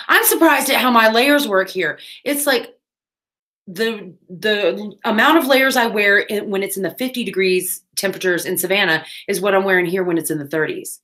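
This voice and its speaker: A woman's voice: medium pitch, lively intonation, moderate pace, fairly bright tone. A woman, chatting casually on a crafting livestream, with playful asides.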